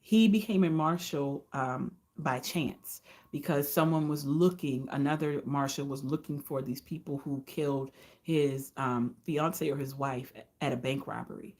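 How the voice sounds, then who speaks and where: A woman reviewing romance novels in a casual vlog, retelling the plots in an animated way and slipping into the characters' quoted lines. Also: very deep voice, unhurried. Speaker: book reviewer.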